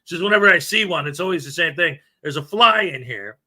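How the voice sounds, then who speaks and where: Fast and animated, a man running a casual livestream chats freely, telling jokes and calling out viewers by name. His voice sits on the high side with a sharp tone.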